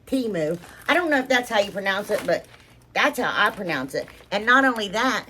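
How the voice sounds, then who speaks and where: Sing-song and brisk, a woman's mid-range voice comes across pushed and bright as she rambles through a casual craft tutorial and unboxing for her viewers. This craft vlogger's recording has slight background noise.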